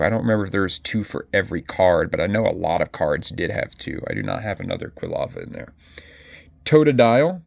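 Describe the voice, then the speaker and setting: A man with a low, gravelly, somewhat mellow voice vlogs about his card collection, paging through it while chatting casually and directly to viewers; the recording is dry. He often corrects himself mid-sentence.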